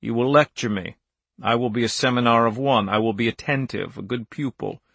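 A man voicing a calm, menacing male assassin who speaks softly and gravely. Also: medium pitch, no room sound. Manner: soft, grave, unhurried.

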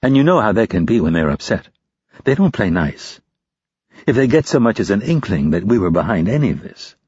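A man's voice: lowish voice, very animated, a little fast, darkish tone, slightly rough, dry recording. Cool young female agent, as a man reads her. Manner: cool, probing, businesslike. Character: composed young female intelligence officer. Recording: dull, dry lo-fi recording.

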